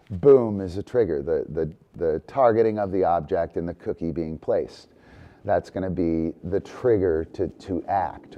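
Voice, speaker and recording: A man teaching dog training in a casual demonstration, relaxed, breaking off to give his dogs short cues and checking in with "right?" as he explains. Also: sits low, lo-fi sound.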